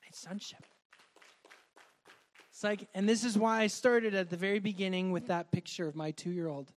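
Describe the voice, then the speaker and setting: A man preaching a sermon and sharing a personal testimony, earnest and heartfelt, moving between loud and soft delivery. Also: sits high, fairly even intonation, brisk.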